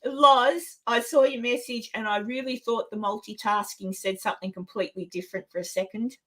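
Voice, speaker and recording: A woman's voice: fairly high pitch, steady tone, a little fast, bright, forceful tone. Australian woman co-host, chatty live-stream banter, laughs easily, reads the chat. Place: office.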